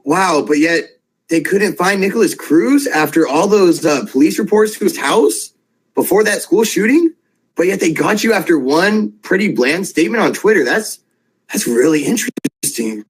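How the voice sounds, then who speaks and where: A man's voice: high voice, animated, normal speed, breathy edge, low-quality recording. Easygoing male interviewer. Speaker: host. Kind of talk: casual interview talk.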